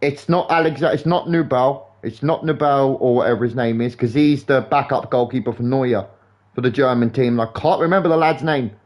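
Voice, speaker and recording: A young man streaming a game live, rambling in sweary, animated football banter. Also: medium pitch, brisk. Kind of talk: casual chat while gaming live.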